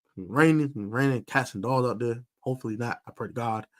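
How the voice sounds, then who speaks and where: Medium-pitched and speaking very fast, this man hosts a sports podcast's live stream football preview. His talk is emphatic and animated, full of fillers and repetition for emphasis.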